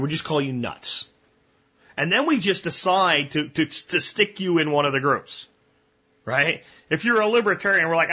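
A man's voice: mid-range voice, pushed and bright, slightly rough, lo-fi sound. Blunt, profane male podcast host. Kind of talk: ranting monologue.

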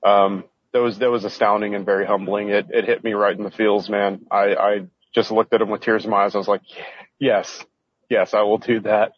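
A man's voice: on the low side, level tone, a little fast, hardly any pauses, dry recording, lo-fi sound. A man who is a guest on a podcast, speaking in an earnest, heartfelt, casual way. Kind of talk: casual interview chat.

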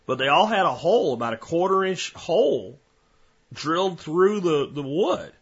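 A man's voice: a little high, big pitch swings, normal speed, husky, muffled recording. A man hosting a podcast, talking casually in a folksy, rambling storytelling way. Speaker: podcast host.

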